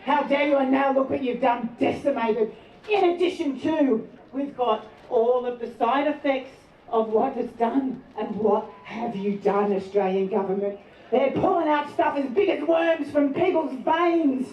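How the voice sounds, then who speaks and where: A woman's voice: high-pitched, a little slow, slight background noise. Fiery woman preaching at a rally. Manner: fiery, preaching, shouts her lines. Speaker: rally speaker. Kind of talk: impassioned rally speech. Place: outdoor rally over loudspeakers. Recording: echoey distant lo-fi rally sound.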